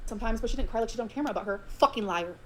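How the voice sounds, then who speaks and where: A woman pours out a long grievance in a rapid, unfiltered rant, swearing freely. Her voice sits a touch high, and she moves between hurt and biting sarcasm. The words tumble out at a very fast clip. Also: a bit bright, slight background noise. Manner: profane, emotional, swings between grievance and sarcasm. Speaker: streamer ranting on her own stream.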